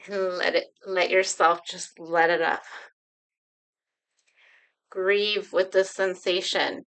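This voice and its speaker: Woman, bright voice, gentle repetitive guidance, leads viewers through healing breathwork at home. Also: on the low side, little pitch movement, smooth, low-quality recording. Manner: slow, soothing, repetitive guidance. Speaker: healing coach. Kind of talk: guided emotional healing exercise.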